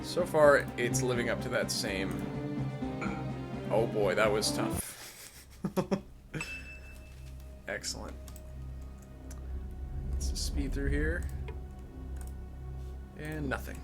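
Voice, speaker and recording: A man's voice: mid-range voice, expressive, extremely slow, pauses often, over music. A man casually commenting while playing a retro game, wry and self-deprecating. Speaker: let's play host.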